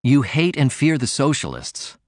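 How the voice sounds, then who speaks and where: A man's voice: mid-range voice, wildly swooping pitch, unhurried, darkish tone, dry recording, clean studio sound, voice pushed up. A man reading an audiobook, voicing a defiant young working-class man who argues pointedly. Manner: pointed, argumentative.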